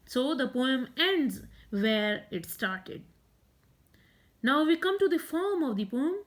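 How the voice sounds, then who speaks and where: A woman giving a literature lesson, explaining a poem in a measured way and reading verses aloud. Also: sits high, big pitch swings. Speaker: literature teacher. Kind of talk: poetry lecture.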